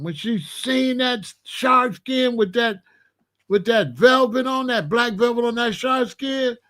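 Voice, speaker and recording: Animated man telling a story. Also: very high voice. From Alabama, US. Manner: animated, chatty, laughs often. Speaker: host. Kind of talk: casual storytelling.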